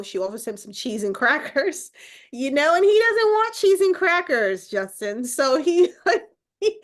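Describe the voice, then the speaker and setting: A woman guest in a casual movie review chat, talking animatedly and laughing as she speaks. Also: fairly high pitch. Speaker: podcast guest.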